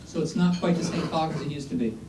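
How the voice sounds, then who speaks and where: A man's voice: a little high, fast talker. A man giving an informal geology lecture, chatty and joking, asking the audience questions, heard from a distance in an echoey room. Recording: echoey room, distant mic, faint noise.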